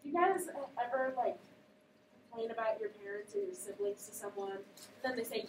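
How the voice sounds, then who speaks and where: High-voiced teacher in an echoey classroom. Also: female voice, a little fast. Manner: animated, questioning students. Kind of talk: classroom read-aloud and discussion. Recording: echoey classroom, voice from a distance, faint background noise.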